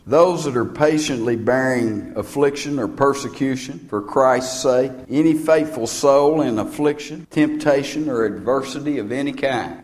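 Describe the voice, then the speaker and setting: High-pitched preacher in a reverberant hall. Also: male voice. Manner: emphatic, repeats phrases with swelling and falling pitch. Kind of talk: sermon.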